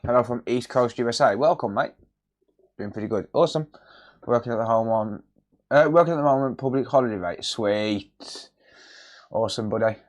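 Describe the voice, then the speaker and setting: A man hosting a casual repair livestream, greeting viewers by name in a relaxed, jokey way from a cluttered home workshop. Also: mid-range voice, moderate pace, pauses often. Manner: relaxed, jokey, reads chat names aloud.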